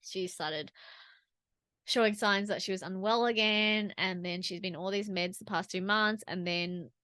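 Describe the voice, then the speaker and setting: A woman's voice: medium pitch, steady tone, measured pace, bright, forceful tone, dry recording. A woman talking straight to camera in a personal vlog, earnest and rambling, with restarts and asides. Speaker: vlogger.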